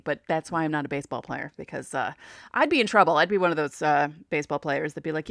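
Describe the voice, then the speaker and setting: A woman guest on a casual sports podcast, chatty and quick to laugh. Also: sits low, clear, resonant tone, no room sound, clean studio sound.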